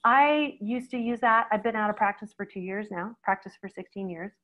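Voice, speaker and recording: A middle-aged woman, a veterinarian, giving a conversational webinar talk, lively and speaking straight to her audience. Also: medium pitch, normal speed, dull audio. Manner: lively, acts out quoted reactions, addresses audience directly.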